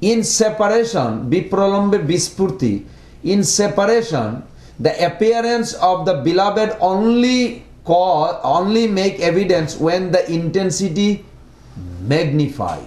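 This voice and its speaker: A man giving a devotional lecture in non-native English, halting and repeating words as he explains. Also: high-pitched, lively intonation, darkish tone. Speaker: speaker giving a religious class. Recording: echoey room.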